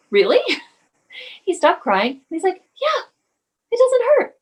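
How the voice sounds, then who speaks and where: A woman, a mother and herbalist guest, speaks in a measured way with frequent ums and grows animated while telling a personal story. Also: a little high, rough recording. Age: adult parent of school-age son. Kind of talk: casual interview storytelling.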